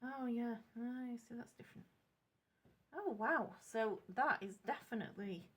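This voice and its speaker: Mujer británica charlando sobre pinturas. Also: female voice, fairly high pitch. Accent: British English. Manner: chatty, rambling, self-correcting, soft asides. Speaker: craft channel host testing paints. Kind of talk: casual craft demonstration chat. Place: home craft desk lit by a clip-on lamp.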